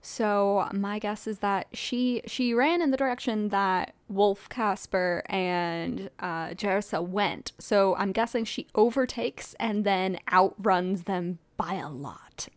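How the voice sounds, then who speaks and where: Slow-talking female player. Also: medium pitch, no echo. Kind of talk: describing her character's actions.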